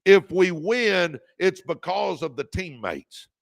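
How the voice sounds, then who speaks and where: A man's voice: sits high, expressive, takes it slowly, gravelly, no room sound, studio quality. A middle-aged man hosting a motivational livestream, fired up, repeating key lines and thanking viewers by name. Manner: calls viewers "baby". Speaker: podcast host.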